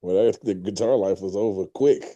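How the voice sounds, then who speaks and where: Young man, low mellow voice, laid-back, joking co-host. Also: moderate pace, muffled recording, slight background noise. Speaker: podcast co-host. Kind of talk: casual chat.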